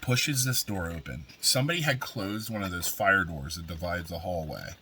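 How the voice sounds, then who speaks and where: A man's voice: normal speed, noisy background. A man hosting a vlog, casually telling a story and acting out the people in it with big jumps in his voice. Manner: animated, acts out quoted voices with big pitch jumps. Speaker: vlog host.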